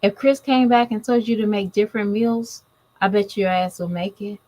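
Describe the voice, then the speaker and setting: A woman's voice: medium pitch, fairly even intonation, normal speed, mellow, low-quality recording. Blunt woman vlogger with a drawl. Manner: blunt, scolding, talks straight to viewers. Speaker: commentary vlogger. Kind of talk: casual opinion commentary.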